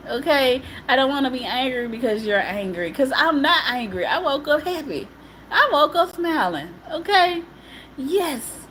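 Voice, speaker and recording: A woman's voice: high voice, fairly bright tone, a little hiss or hum, poor audio. A woman on a livestream giving an emphatic, repetitive monologue in casual colloquial speech, often breaking into laughter. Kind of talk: emotional live-stream monologue.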